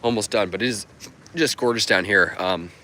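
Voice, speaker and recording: A man's voice: fairly low pitch, normal speed, pushed and bright, slight background noise. Upbeat man chatting on a livestream. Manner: upbeat and chatty, with many fillers. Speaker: livestream host. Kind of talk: casual livestream chat answering viewer comments. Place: outdoors on a sunny coast.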